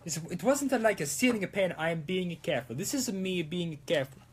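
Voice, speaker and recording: A man's voice: high-pitched, lively intonation, fairly quick, few pauses, slight background noise. A young man chatting casually and playfully as he builds a prop, now and then breaking into mock-Italian exclamations. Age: young adult. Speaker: prop-making streamer. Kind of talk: casual chat while crafting.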